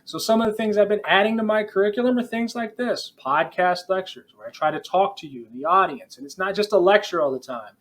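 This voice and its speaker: A man's voice: sits high, brisk, few pauses, fairly bright tone. A middle-aged man, a professor giving a conversational, digressive podcast lecture that speaks directly to his students. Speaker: professor teaching future principals.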